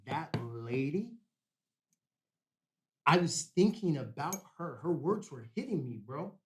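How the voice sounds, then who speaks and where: A man's voice: a little high, expressive, slow pace, recorded from a distance. A man, a podcast guest, telling a personal story in a casual, laid-back way, dropping "man" and "bro" throughout. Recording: roomy echo.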